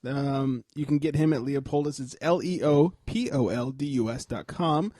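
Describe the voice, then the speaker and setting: A man's voice: medium pitch, moderate pace, dark tone, no echo, studio quality. A man hosting a sports comedy podcast, chatting loosely and joking through plugs with lots of filler words. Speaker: podcast host. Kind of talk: casual sports comedy chat.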